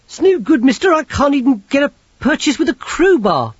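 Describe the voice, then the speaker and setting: A plain-spoken working-class locksmith, put on by a male reader, grumbles bluntly in a raised, lively, up-and-down voice. The recording is dull and dry, a lo-fi audiobook sound. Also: extremely high pitch, fairly quick, dry recording, pitched above the performer's own voice. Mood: grumbling. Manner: blunt and indignant.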